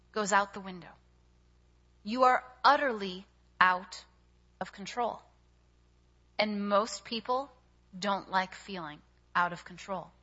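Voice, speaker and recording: At a church service, a woman with a bright, forceful, slightly high voice preaches a sermon woven with personal stories, told in an animated, chatty way full of fillers. A long hall reverb rings around her, and the audio sounds dull with the highs rolled off.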